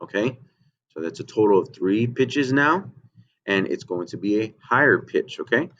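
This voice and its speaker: A man's voice: lowish voice, animated, moderate pace, a bit bright. A man teaching a remote music lesson to children, explaining patiently and checking in with "okay?" and "right?". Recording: dull lo-fi home recording.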